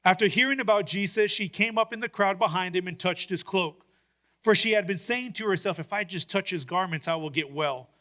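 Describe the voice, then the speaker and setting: A man's voice: sits high, a little fast, bright, forceful tone. A male pastor preaching a sermon, retelling a story with dramatic acted-out voices.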